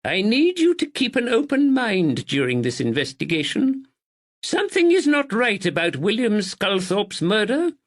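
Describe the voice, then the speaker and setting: A man's voice: sits high, sing-song, moderate pace, pitched above the performer's own voice. A man voicing an imperious elderly aristocratic woman who speaks in a commanding, formal, clipped way.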